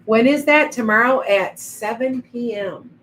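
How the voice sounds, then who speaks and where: A woman's voice: fairly high pitch, a little slow, fairly bright tone, a little hiss or hum, rough recording. A middle-aged woman hosting a casual psychic livestream, rambling and reading out viewer comments as they come in. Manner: chatty, rambling, reads viewer comments aloud. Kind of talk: casual live-stream chat.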